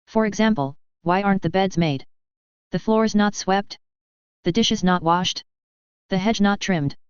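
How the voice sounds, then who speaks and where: A woman reading as a shrill, fretful house elf. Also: unhurried, clean tone, dry recording, close to an everyday voice. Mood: dramatic. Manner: dramatic, wailing and fretful. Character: shrill, excitable young female house elf. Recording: dull, lo-fi, dry.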